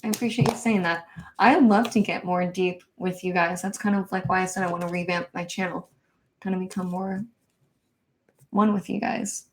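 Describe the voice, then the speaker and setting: Woman, live-stream host, casual chatty talk, reads out comments, slightly low voice, gravelly. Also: steady tone, normal speed, slight background noise. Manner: chatty, reads viewer comments aloud, many fillers. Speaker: hoop dance channel host.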